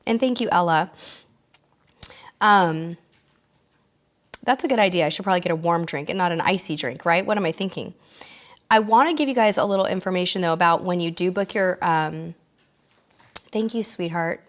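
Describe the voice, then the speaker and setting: A woman's voice: fairly low pitch, fairly quick, pauses often. A woman hosting a live-stream cruise chat, answering viewers with a tickle in her throat and coughing now and then. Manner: chatty, interrupted by coughs. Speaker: cruise vlog host.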